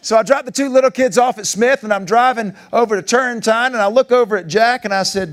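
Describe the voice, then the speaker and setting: A man's voice: fast talker, hardly any pauses. A man, giving a keynote speech as a joking storyteller, his voice jumping up for punchlines. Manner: animated, jokey storyteller, pitch jumping up for punchlines. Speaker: keynote speaker. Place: large conference hall.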